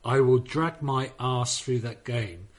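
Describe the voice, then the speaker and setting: A man's voice: mid-range voice, takes it slowly. A man chatting casually on a gaming podcast, rambling and swearing as he tells jokey stories. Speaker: podcast panelist.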